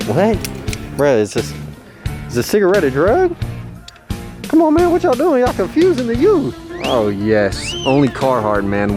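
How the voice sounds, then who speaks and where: A man giving a joking vlog of his thrift store finds, hyped and goofy, often jumping into high silly voices. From Texas. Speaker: vlogger showing thrift finds. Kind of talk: casual joking vlog narration.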